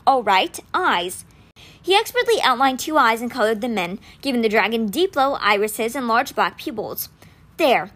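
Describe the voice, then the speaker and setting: A woman reads a novel aloud in an expressive storytelling manner. Her pitch moves freely and sits slightly high. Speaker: audiobook reader.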